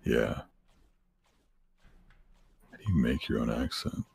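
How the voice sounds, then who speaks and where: A man musing slowly and deadpan in casual voice-chat banter, tossing out gamer jokes. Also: rumbling low, gravelly, husky, dry recording. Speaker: guest on a livestream voice call.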